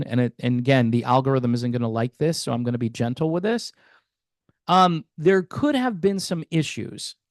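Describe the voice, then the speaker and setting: A man's voice: a little high, dry recording. A man hosting a commentary channel, arguing skeptically with many rhetorical questions and hesitant restarts. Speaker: music commentary channel host. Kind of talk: opinion commentary vlog.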